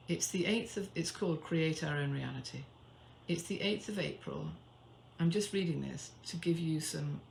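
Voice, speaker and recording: A woman's voice: low-pitched, creaky, a little mellow, slight background noise. A British woman hosting a live poetry stream, chatting in a rambling, self-deprecating way and reading her own poems.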